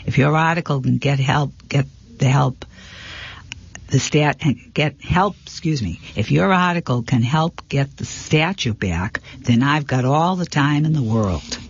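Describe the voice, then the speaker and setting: A man doing a wounded, theatrical gallery owner in a storybook, indignant and proud. The voice is husky and mid-pitched. The recording sounds dull and lo-fi. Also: a little slow. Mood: weary. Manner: emphatic, indignant delivery. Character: distraught male gallery owner, proud and dramatic.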